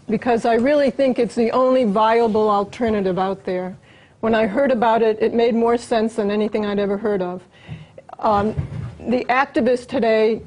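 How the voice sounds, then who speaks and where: Female guest, earnest and explanatory, somewhat high voice. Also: darkish tone, poor audio. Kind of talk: interview.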